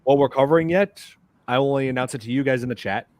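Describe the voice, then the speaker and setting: A man's voice: mid-range voice, quick pace, darkish tone. A man hosting a podcast in casual chat, rambling with many fillers. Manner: rambling, lots of "like" and "uh". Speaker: podcast host.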